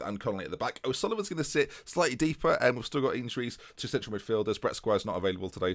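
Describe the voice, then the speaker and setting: Fast-talking gaming commentator. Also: male voice, on the low side, no room sound. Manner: chatty, jokey, excitable play-by-play. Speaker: video game commentator. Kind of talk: let's play football sim commentary.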